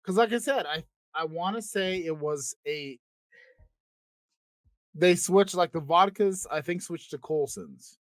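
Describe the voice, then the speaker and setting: A man's voice: on the high side, unhurried, no room sound. Rambling man on a dry close mic. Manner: rambling, trails off, restarts, swears casually. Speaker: podcast co-host. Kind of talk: casual podcast chat.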